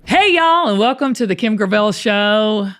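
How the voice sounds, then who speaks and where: A middle-aged woman, hosting a podcast in chatty, animated talk full of fillers and restarts. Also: mid-range voice, moderate pace, music in the background. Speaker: podcast host. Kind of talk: casual podcast chat.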